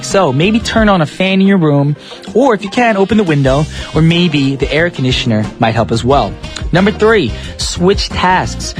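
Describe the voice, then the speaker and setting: A man hosting a music radio show from a studio, chatty and upbeat, talking straight to listeners. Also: a little high. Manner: chatty, upbeat, addresses listeners as you guys and y'all. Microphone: studio microphone.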